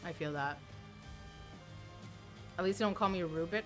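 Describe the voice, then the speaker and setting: A woman's voice: lowish voice, normal speed, fairly bright tone, faint music behind. A woman streamer chatting casually and playfully with her viewers. She sounds a little tired and often repeats words as she restarts.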